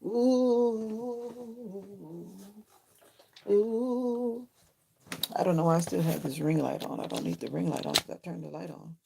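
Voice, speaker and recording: Speaking fast with vocal fry and hardly any pauses, this livestream host has a low, mellow voice. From her ring-lit home late at night, she prays before chatting with viewers, frequently repeating questions, over a slight hiss or hum.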